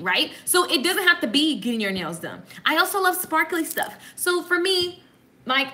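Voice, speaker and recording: Bright, lively woman with a sassy drawl. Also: high voice. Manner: sassy, animated, laughs often. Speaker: host. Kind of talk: casual chat.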